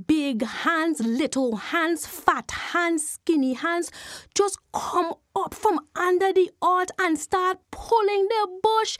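A woman storyteller, telling a folk tale with lively, dramatic pacing. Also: very high-pitched, slow, dry recording, studio quality. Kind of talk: animated oral folk storytelling.

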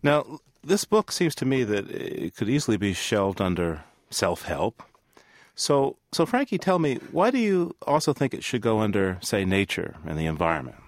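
A man's voice: on the low side, big pitch swings, normal speed, no room sound, studio quality. A man hosting an interview, asking searching questions and often restarting them. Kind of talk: radio interview.

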